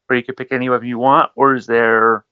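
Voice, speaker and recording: A man's voice: mid-range voice, flat delivery, fast, clean tone, no room sound, narrow, tinny audio. A man playing a tabletop game online, talking hesitantly with lots of fillers and restarts. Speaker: player. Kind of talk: casual tabletop play.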